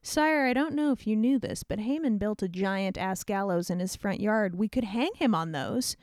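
A woman's voice: mid-range voice, moderate pace, a little mellow, dry recording, clean studio sound, natural voice. A woman voicing palace guards offering a suggestion in casual slang. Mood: helpful.

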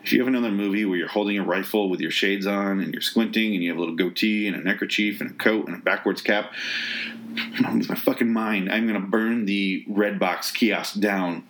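A man with a somewhat low voice tears into a film he hated, exasperated and swearing freely. His delivery rambles and restarts, full of sarcasm and disbelief. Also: a bit bright. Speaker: movie reviewer. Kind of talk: ranting movie review.

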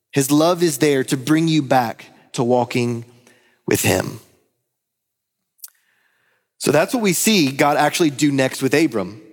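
A man's voice: on the high side, in a large hall. A man preaching a sermon, pastor of a church, addressing listeners with repeated questions. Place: church sanctuary.

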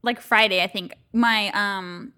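A woman's voice: mid-range voice, steady tone, slow pace, pushed and bright, clear, resonant tone. A woman co-hosting a casual chat podcast, telling stories with lots of swearing and frequent laughter. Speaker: podcast co-host.

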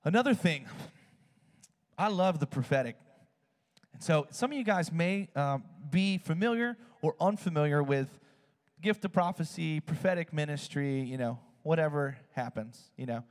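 A man preaching a sermon, telling a story with animated swings in his voice. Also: normal speed, in a large hall. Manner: animated storytelling, swings high when excited.

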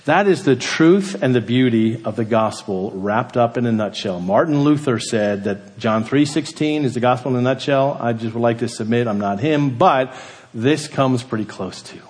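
A man preaching a sermon, building emphasis on key words and then dropping to a quiet hush. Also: medium pitch, lively intonation, moderate pace, long reverb tail. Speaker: pastor.

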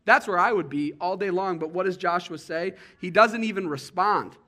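A young adult man preaching a sermon in an earnest, conversational way, sometimes halting over his words. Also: high-pitched, bright, forceful tone. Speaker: pastor.

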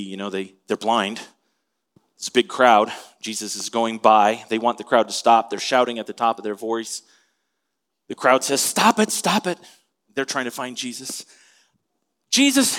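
A man's voice: medium pitch, steady tone, brisk, a bit bright. Conversational male pastor teaching. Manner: conversational, asks the listeners questions. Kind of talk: expository sermon.

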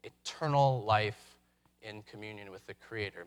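A man's voice: medium pitch, lively intonation, fairly bright tone. Reflective male pastor preaching. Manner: reflective, with dramatic pauses and rhetorical questions. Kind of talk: sermon.

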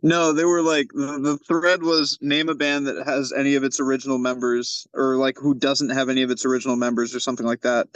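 A man's voice: medium pitch, level tone, a little fast, hardly any pauses, fairly bright tone, clean tone, no room sound, rough recording. A man co-hosting a casual chat over a video call, laughing often and swearing as he tells stories. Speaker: podcast co-host.

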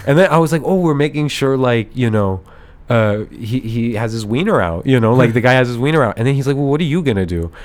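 A man's voice: mid-range voice, fast talker. A man hosting a podcast, telling a story in a casual, rambling way, acting out the voices of other people and laughing as he goes. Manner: animated, rambling storyteller who acts out voices and laughs often. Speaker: podcast host.

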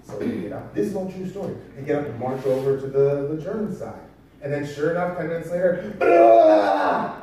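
A man with a high voice preaches in a casual storytelling way, pressing his listeners with rhetorical questions. His voice booms around a big echoing hall. The mic sits well away from him. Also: fast, warm tone, slight background noise. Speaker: pastor. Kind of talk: sermon. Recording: very echoey hall from far off.

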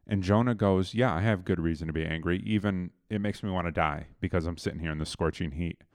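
A man's voice: sits low, quick pace, dry recording, studio quality. A man casually retelling a Bible story to a co-host, loose and conversational, with fillers and restarts.

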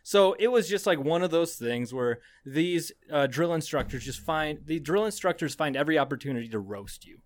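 A man's voice: a little high, expressive, fairly quick, few pauses. A young adult man, a podcast co-host, telling a rambling story in casual chat, swearing often and laughing as he goes.

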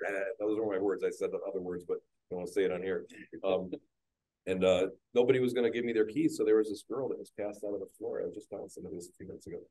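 A man, a guest business owner, frankly telling his own story on a podcast panel at a live event, getting animated when he acts out scenes. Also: fairly low pitch, low-quality recording. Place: live industry training event.

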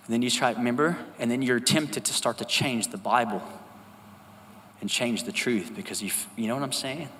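A man preaches to his congregation. His voice is bright and forceful, and he keeps the tone conversational while calling for responses. The sound carries the long reverb of a church hall, with a faint hum of ambience underneath. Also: medium pitch, normal speed. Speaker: pastor. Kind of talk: sermon. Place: church sanctuary.

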